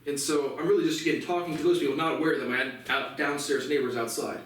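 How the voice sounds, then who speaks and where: A man's voice: a little high, fairly even intonation, fast talker, a bit bright. A man in a rambling, profane solo monologue, ranting agitatedly on his outdoor porch. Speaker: vlogger. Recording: echoey and distant with faint noise.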